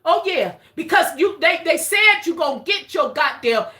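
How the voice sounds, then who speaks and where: Excitable high bright-voiced woman. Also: normal speed. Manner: excitable, repetitive, swears freely, breaks into chants. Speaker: spiritual reader on a live stream. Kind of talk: casual spiritual reading.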